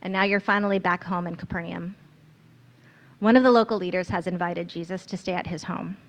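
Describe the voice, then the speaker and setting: Low gravelly woman narrating. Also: fairly even intonation, fairly quick. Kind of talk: guided scripture meditation in second person.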